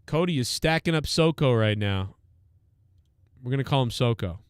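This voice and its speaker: Crisp-voiced man hosting a live stream. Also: medium pitch, expressive, moderate pace, no echo, clean studio sound. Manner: rambling, profane, reacts out loud. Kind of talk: casual live commentary.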